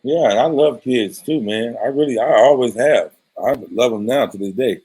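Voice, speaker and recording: A man's voice: medium pitch, normal speed, darkish tone, husky, poor audio. A man chatting casually in a laid-back, joking way about parenting. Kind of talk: casual chat.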